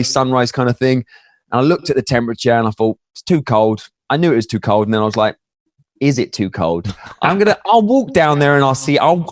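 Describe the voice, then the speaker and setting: A man's voice: mid-range voice, no echo, clean studio sound. A man, a guest in a casual interview, telling stories with many fillers and restarts. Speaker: podcast guest.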